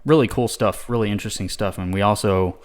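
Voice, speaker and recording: A man's voice: fairly low pitch, fast. A man co-hosting a casual podcast, rambling with lots of fillers and swearing. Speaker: podcast co-host.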